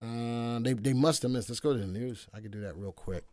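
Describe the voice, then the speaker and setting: A man hosting a live stock analysis stream, animated, thinking aloud and repeating his own phrases. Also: medium pitch, brisk, no room sound. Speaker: stock market show host.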